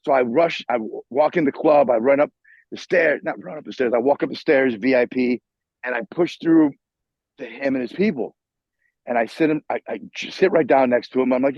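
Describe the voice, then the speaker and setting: A middle-aged New man tells a swearing, restart-filled story over a video call. His husky voice sits at an ordinary pitch, and the line sounds dull and dry. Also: fairly quick, no room sound. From New York. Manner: profane, animated storyteller with many restarts. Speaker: guitarist guest. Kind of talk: casual interview storytelling. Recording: muffled video call audio.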